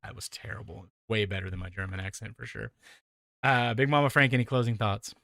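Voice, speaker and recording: A man's voice: on the low side, fairly quick, vocal fry, a bit bright, no echo, clean studio sound. A man hosting a sim racing broadcast, wrapping up the show in a rambling, self-deprecating way with many fillers. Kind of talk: casual closing commentary.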